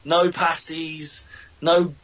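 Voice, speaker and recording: A man's voice: fairly high pitch, level tone, very slow, a bit bright, low-quality recording. A man from Cornwall, a boxer guesting on a podcast, cheerful and upbeat in casual chat. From Cornwall, England.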